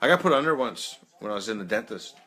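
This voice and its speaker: A man's voice: lowish voice, lively intonation, fast talker, pushed and bright, husky. A man in his thirties hosting a peer support live chat, telling rambling personal stories with frequent laughs and lots of "man". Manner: rambling, laughs often, says "man" a lot. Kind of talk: casual storytelling on a live video.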